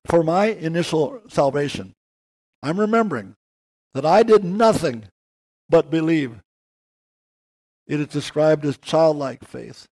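An older man giving an earnest sermon, slowing down and rising in pitch to stress key words. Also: darkish tone. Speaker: preacher.

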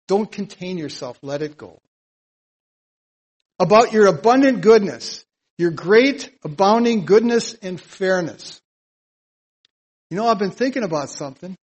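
A man teaching a psalm verse by verse in a sermon, earnest and plain-spoken, getting louder whenever he reads scripture aloud. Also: high voice, lively intonation, unhurried, pauses often, husky, rough recording. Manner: emphatic, louder when reading scripture aloud. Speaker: Bible teacher.

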